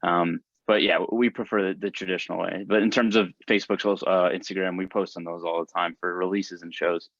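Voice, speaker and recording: Low-voiced young male musician, relaxed rambler, dull dry sound. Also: brisk, few pauses, dry recording. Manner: relaxed, full of fillers. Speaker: band member. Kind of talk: casual interview chat.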